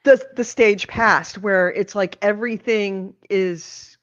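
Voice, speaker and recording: Relaxed woman chatting, slightly dull sound. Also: medium pitch, no echo. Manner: relaxed listener, quick asides and backchannels. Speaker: podcast co-host. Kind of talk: casual gaming podcast chat.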